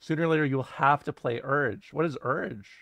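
A man's voice: a little high, moderate pace, creaky, fairly bright tone, no echo. A young adult man streaming casually, reading his chat aloud and answering it in a rambling, jokey way, often swearing and laughing.

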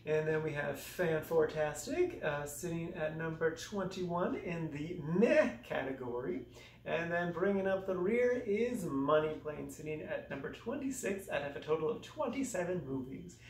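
A man's voice: lively intonation, moderate pace, slight background noise. Young man reviewing movies in an echoey room. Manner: exaggerated, self-mocking, dramatic swings in pitch. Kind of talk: casual comedic review monologue. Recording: echoey room, voice a bit off-mic.

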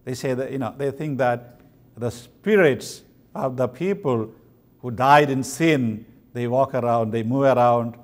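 A man from India giving a slow, emphatic sermon with pauses at a convention. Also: mid-range voice. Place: convention hall.

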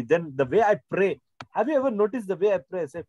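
A man's voice: high voice, very animated, quick pace, darkish tone, no room sound, low-quality recording. A middle-aged man preaching a sermon, rambling with many fillers and restarts. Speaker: pastor. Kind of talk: sermon teaching.

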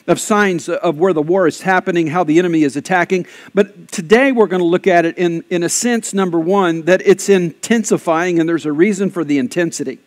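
A man pastor preaching a lively sermon, shifting between conversational asides and loud, emphatic bursts. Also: sits high. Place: church.

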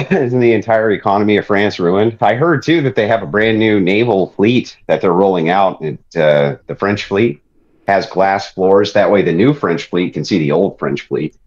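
A man's voice: lowish voice, moderate pace, darkish tone, muffled recording. A man from Ireland hosting a podcast, ranting and joking in a profane, exasperated, mocking way. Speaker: show host.

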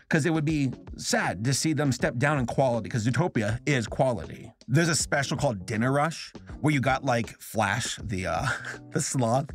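American male reviewer, casual rambling commentary, mid-range voice. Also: medium pitch. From United States. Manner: loose, joking, rambling with fillers. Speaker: online film reviewer.

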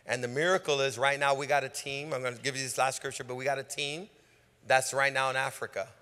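Rousing preacher in a reverberant church. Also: male voice, mid-range voice, little pitch movement, quick pace, bright, forceful tone, clear, resonant tone. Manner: rousing, call-and-response preaching. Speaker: pastor. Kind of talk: sermon. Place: large church sanctuary. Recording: long reverb of a church hall.

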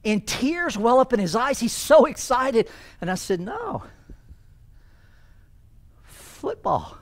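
A man preaching a sermon as pastor in a church, swinging from loud emphasis down to hushed near-whispers. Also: very high-pitched, animated, moderate pace.

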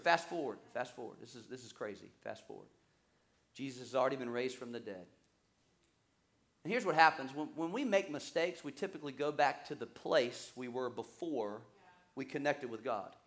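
A male pastor preaching a sermon, telling stories with lively acted-out quotes and quick repetitions. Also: high voice. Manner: animated storytelling, acts out quoted voices; repeats words when excited.

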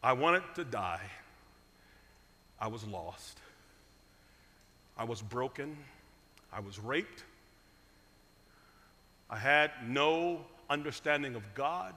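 A man from Cleveland preaching a storytelling sermon, with humor and dramatic swings from loud to hushed. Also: medium pitch, expressive, slow pace, pauses often. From Cleveland, USA. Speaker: guest preacher. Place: church sanctuary. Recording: long reverb of a church sanctuary.

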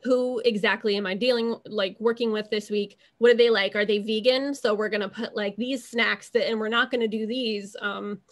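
A woman's voice: mid-range voice, steady tone, normal speed, few pauses. A young adult woman talking casually as an interview guest, rambling with many fillers and restarting her thoughts.

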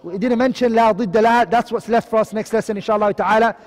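High-voiced male tajweed teacher quizzing. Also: steady tone, in a large hall, a faint crowd. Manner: quizzing, asks and answers his own questions; recites Arabic terms quickly, then explains in English. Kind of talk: online lesson.

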